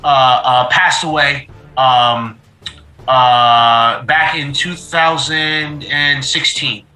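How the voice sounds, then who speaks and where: A man's voice: medium pitch, drawn-out words, soft background music. A middle-aged man chatting casually on a show, telling stories with feeling and repeating his phrases. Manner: animated, repeats phrases, emotional storytelling. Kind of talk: casual chat. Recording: roomy echo.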